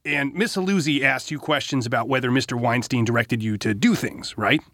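A man's voice: medium pitch, brisk, fairly bright tone, dry recording, clean studio sound. A man, a defense lawyer, cross-examining a witness with pointed, leading questions.

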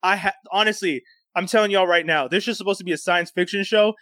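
High, bright-voiced man telling a story. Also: fast talker, no echo. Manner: animated, profane, laughing storyteller. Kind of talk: casual storytelling recap.

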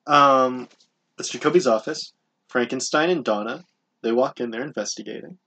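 A man's voice: mid-range voice, moderate pace, pushed and bright. A man co-hosting a casual podcast, leading the recap and teasing his co-host dryly. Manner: dry, teasing, leads the recap. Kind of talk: casual chat.

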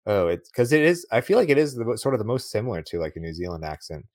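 Podcast guy rambling about a movie, laughs a lot, lowish voice, dead dry sound. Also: very animated, quick pace, darkish tone, no room sound. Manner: rambling, laughs often, acts out lines in a raised voice. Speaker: podcast co-host. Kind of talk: casual chat about a movie.

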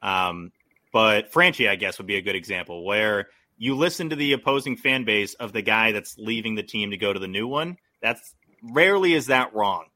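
A man's voice: lowish voice, moderate pace, bright, forceful tone. A man talking casually as a podcast guest, rambling with many likes and restarts.

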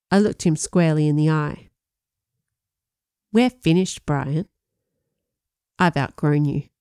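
A woman narrating a first-person audiobook in a measured storytelling way, with lively voiced dialogue. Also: deep voice, smooth, no room sound, clean studio sound.

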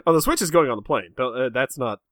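Bright-voiced man telling a self-mocking story. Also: mid-range voice, animated, quick pace, no room sound. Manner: self-mocking, rambling, lots of restarts. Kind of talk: casual chat, telling a story.

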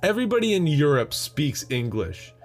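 A man's voice: fairly high pitch, sing-song, normal speed, faint music behind. A young American man hosting a solo podcast, rambling and joking with many fillers and laughs. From United States. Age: young adult. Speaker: podcast host. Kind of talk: solo casual chat.

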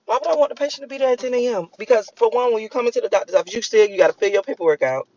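Her voice sits a little high and mellow, and she talks rapid-fire. She's a Miami woman in her thirties, a vlogger casually ranting at the camera with plenty of cursing and repetition for emphasis, recorded dry and slightly lo-fi.

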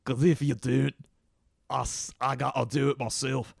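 A man voicing a gruff, protective Scottish father in a mock Scottish accent. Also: medium pitch, flat delivery, normal speed, no room sound, clean studio sound, voice pushed up.

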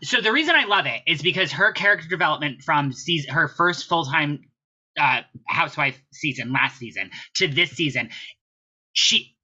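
A man chatting casually as a podcast guest, blunt and quick with swearing asides. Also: a little high, lively intonation, sharp tone, highs cut off.

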